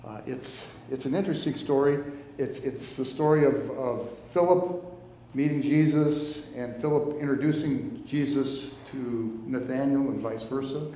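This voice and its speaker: A man preaching a conversational sermon as pastor, retelling a story in a halting way, repeating and restarting words and inviting listeners to join in. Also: mid-range voice, mellow, slight background noise. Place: church sanctuary. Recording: long hall reverb.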